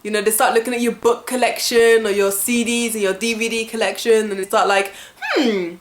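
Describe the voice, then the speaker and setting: A woman's voice: a little high, fairly quick. Exasperated woman ranting in an echoey room. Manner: animated, exasperated complaining with laughs and fillers. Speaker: vlogger. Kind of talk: casual ranting vlog to camera.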